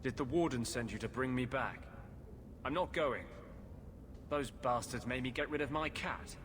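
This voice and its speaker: A man's voice: mid-range voice, normal speed, lightly acted. An actor playing a weary male healer mage in a game, earnest and wry. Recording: game audio with background noise.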